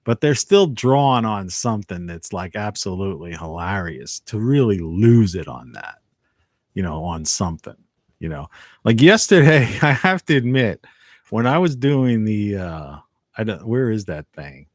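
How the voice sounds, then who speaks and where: A man's voice: lowish voice, big pitch swings, a little slow, dry recording, clean studio sound. A man hosting a casual live stream from home, rambling and reflective, often trailing off mid-thought. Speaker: live video host.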